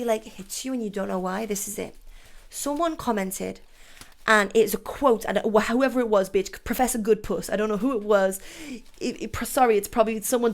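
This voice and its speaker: A woman hosting her own podcast, chatting in a sassy, rambling and emphatic way. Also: mid-range voice. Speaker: podcast host. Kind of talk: casual solo podcast chat.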